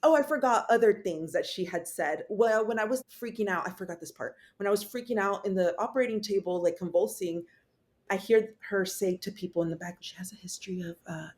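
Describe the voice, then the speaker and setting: A woman's voice: mid-range voice, brisk, darkish tone. A woman who is a podcast guest, telling a personal story in a raw, profane, rambling way.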